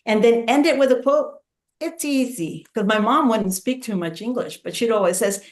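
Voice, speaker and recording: A woman's voice: a little high, moderate pace. Woman, panelist, friendly, reflective, echoey room. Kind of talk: panel discussion.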